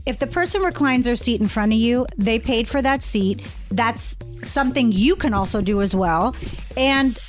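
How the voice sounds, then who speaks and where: A woman co-hosting a radio show, chatting casually and dropping dry, quick asides. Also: fairly high pitch, expressive, soft background music. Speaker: radio co-host.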